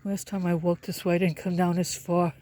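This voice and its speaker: A man's voice: high voice, level tone, fairly quick, a little mellow. A man filming a country walk on his phone, breathing hard as he walks and muttering offhand remarks. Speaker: vlogger. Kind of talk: casual walking vlog narration. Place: outdoors on a country road. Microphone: phone held while walking.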